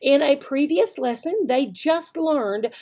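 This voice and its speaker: A woman's voice: high voice, animated, slow, warm tone. A woman giving an instructional video lesson for online English teachers, checking in with "okay?" often and demonstrating words in varied voices.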